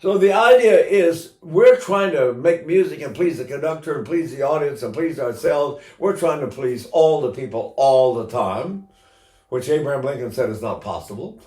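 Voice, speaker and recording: An older man gives a singing lesson in a roomy, echoing space, his speaking voice sitting a touch high. He explains technique in an easy, unhurried way, then breaks into loud operatic bursts. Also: lively intonation. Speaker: voice teacher.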